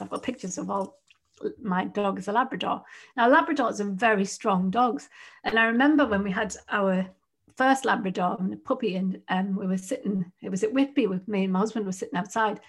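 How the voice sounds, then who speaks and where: A woman in her forties co-hosts a podcast, and her voice sits a little on the high side. She chats loosely, filling her sentences with ums and likes. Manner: chatty, many ums and likes. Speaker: podcast co-host. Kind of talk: casual podcast chat.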